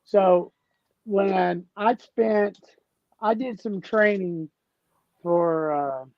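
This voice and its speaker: A man's voice: high-pitched, very slow, no room sound. A man with a Southern US accent from Tennessee, telling rambling folksy stories in casual conversation as a guest. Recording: dull, dry lo-fi sound.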